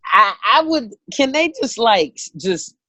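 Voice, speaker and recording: A woman in her thirties, a comedian telling a story, animated and profane, acting out the voices of people in it. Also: on the high side, unhurried, no room sound. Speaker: comedian guest. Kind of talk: comic storytelling.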